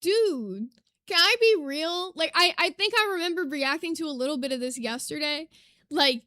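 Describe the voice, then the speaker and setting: A woman's voice: extremely high pitch, sharp tone, no room sound. A woman streamer talking casually to her chat while reacting to clips. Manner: chatty, reads chat aloud. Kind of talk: casual livestream commentary.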